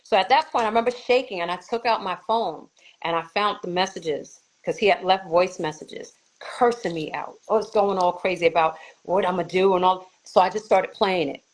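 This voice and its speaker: A woman with a New York accent, a guest telling a personal story in an animated way, acting out others' voices and swearing. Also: lowish voice, moderate pace, poor audio.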